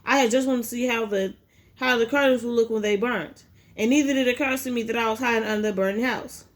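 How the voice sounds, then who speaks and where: Woman reader, fairly high voice, amateur memoir read-aloud with stumbles. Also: fast. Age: adult with a child. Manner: unpolished reading with frequent restarts. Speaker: audiobook reader.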